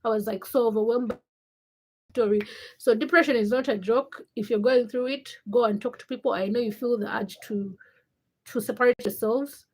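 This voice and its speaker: A young woman chats on her own livestream. She greets viewers one by one and talks openly between greetings. Her voice sits a little high for a woman's. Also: fairly even intonation, fairly quick. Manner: reads viewer names and greets them, then tells a personal story. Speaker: livestream host. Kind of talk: casual livestream chat.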